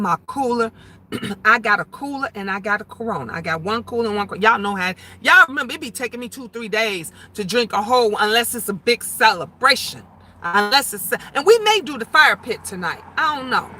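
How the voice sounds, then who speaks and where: A middle-aged woman hosting a casual live stream, reading comments and chatting loudly with sudden high squeals. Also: slight background noise. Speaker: livestream host reading viewer comments.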